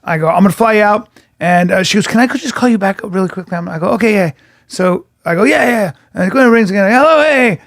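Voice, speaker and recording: A man in his forties or older co-hosting a podcast, telling stories in a casual, animated way, acting out other people's voices and swearing freely. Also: high-pitched, fast talker, vocal fry, no room sound, clean studio sound. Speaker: podcast co-host. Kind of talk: casual storytelling chat.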